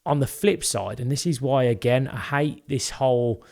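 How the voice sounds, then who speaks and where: A man's voice: medium pitch, moderate pace, vocal fry, darkish tone. A young British man co-hosting a podcast, telling a personal story in an earnest, candid way. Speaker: podcast co-host. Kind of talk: casual podcast chat.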